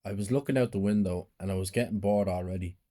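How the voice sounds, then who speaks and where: A man reads a first-person horror story in a plain, low-key way. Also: fast talker, dark tone. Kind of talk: scripted horror story narration.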